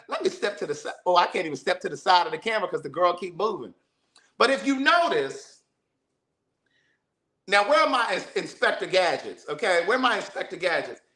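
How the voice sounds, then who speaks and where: A man, telling a story to camera in a sassy, profane, animated way. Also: high-pitched, a little fast, echoey room. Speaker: vlogger. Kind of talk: casual storytelling.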